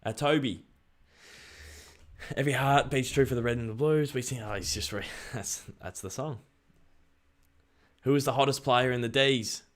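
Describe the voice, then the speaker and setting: A young Australian man chatting excitedly on a live stream and reading out viewer messages. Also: mid-range voice, moderate pace, long pauses. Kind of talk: casual live stream chat.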